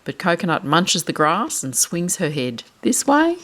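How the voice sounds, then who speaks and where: Lively woman reading a picture book aloud. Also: fairly low pitch, a little slow, background noise. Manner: animated, asks the listening children questions. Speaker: storyteller reading to children.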